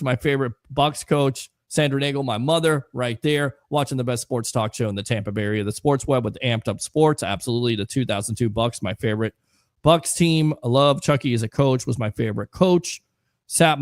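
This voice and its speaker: Chatty sports talk host, dry sound. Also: male voice, mid-range voice, no room sound. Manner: reads viewer comments aloud, chatty and loose. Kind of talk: casual sports talk show.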